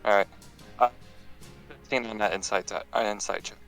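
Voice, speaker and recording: Bright man in a tabletop game chat. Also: fairly low pitch, steady tone, moderate pace, soft background music. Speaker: player. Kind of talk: casual online game chat. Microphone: home computer mic.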